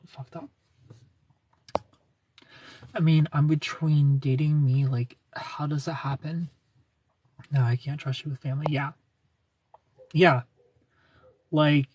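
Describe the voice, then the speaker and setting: A young adult streamer with a husky, slightly breathy voice chats casually with viewers. The talk is loose and sarcastic, with frequent laughter, and the pitch sits in the middle. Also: darkish tone. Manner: chatty and sarcastic, laughs often, answers viewers by name. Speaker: livestreamer reading chat. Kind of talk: casual livestream chat.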